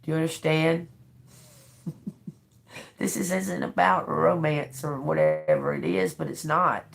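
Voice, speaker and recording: A woman's voice: low-pitched, animated, a little slow, vocal fry. A woman giving a live-streamed tarot reading, emotional and blunt, swearing freely. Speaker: tarot reader.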